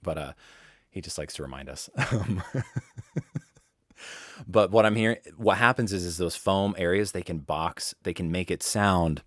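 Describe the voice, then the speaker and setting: A voice-over coach with a low voice leads a live webinar for voice actors from his home studio. He speaks at a moderate pace with long pauses, rambling casually and often restarting sentences, in a dry recording.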